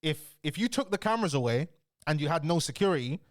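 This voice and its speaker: A man's voice: a little high, expressive, fast, no room sound, studio quality. A man hosting a casual reaction commentary, talking loosely with slang and frequent restarts. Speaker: commentary host.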